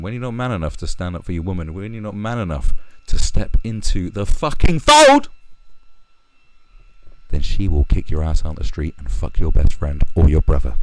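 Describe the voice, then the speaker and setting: A man's voice: deep voice, a little mellow, no room sound. Sneering, profane male ranter. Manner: sneering, combative, sarcastic. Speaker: podcast host. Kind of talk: profane comedic rant.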